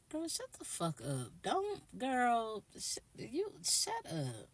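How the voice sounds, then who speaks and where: A young woman telling a storytime vlog, blunt, profane and animated. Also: fairly low pitch, slow, hardly any pauses, slightly rough. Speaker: YouTuber.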